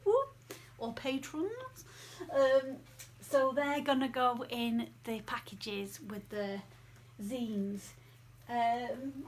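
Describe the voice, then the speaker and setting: A woman's voice: a little high, a bit bright, slight background noise. A woman talking casually to camera as a vlogger at home, chatty and rambling with many fillers. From England.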